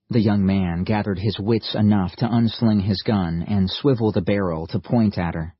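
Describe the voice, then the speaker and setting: Low husky guy narrating an audiobook, slow and steady, dry lo-fi sound. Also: dry recording. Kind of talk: scripted narration. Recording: slightly muffled lo-fi audio, dry.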